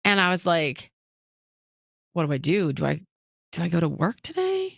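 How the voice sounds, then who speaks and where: A woman's voice: fairly low pitch, moderate pace, gravelly, dry recording, studio quality. A woman co-hosting a casual talk show, telling a personal story and acting out what other people said, with nervous laughs. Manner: animated retelling that acts out other people's lines, with nervous laughs. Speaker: podcast co-host.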